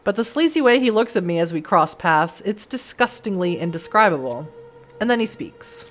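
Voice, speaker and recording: Hoarse woman reading a game aloud. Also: medium pitch, moderate pace, soft background music. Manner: animated, laughs between lines. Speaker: streamer.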